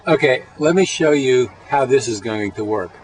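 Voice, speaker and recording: Middle-aged man, mid-range voice, deadpan jokey self-filmed tour with lots of ums. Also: medium pitch, normal speed, a little hiss or hum, poor audio. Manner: deadpan, jokey, rambling with fillers. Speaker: locksmith vlogger. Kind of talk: joking self-made video tour. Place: outdoors by his van and in his shop.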